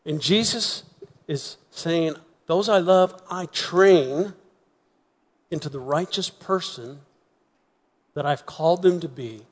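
Male pastor, fairly high voice, earnest sermon delivery with repetitions and soft emphatic pauses, long church-hall reverb. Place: church sanctuary.

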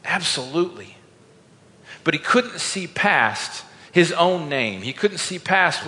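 A man preaching a sermon as a pastor, telling a story in a lively way and acting out the quotes. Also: on the high side, slow. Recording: long hall reverb.

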